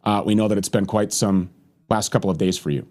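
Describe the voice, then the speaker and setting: A man hosting an online talk show, introducing and welcoming an interview guest in a measured, emphatic way. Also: lowish voice, darkish tone.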